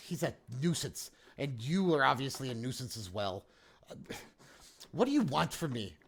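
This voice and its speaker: A man's voice: mid-range voice, big pitch swings, moderate pace, gravelly, a little hiss or hum. A self-important small-town mayor who stammers and trips over his words when pressed, as a man puts him on. He talks down to visitors with a dismissive, put-upon air. A voice from a tabletop role-playing session. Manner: stammering, dismissive, easily flustered. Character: pompous, flustered middle-aged male town mayor.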